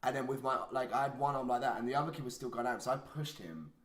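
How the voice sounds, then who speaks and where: A young man co-hosting a podcast casually tells a profane story, swearing and peppering it with "like." His voice is medium-pitched and he talks fast, recorded in an echoey room.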